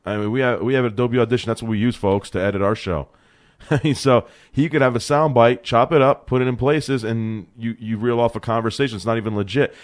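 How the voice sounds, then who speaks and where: A young man co-hosting a sports podcast in a small studio, talking in an excitable, animated way and calling his partner bro. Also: medium pitch, fairly quick. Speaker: co-host. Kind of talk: casual sports talk.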